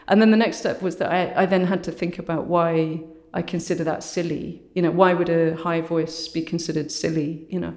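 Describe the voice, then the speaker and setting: A woman artist with a low voice, speaking thoughtfully as an interview guest and often saying "you know" and "sort of". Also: fairly even intonation, fairly quick. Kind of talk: reflective conversational interview. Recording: roomy echo.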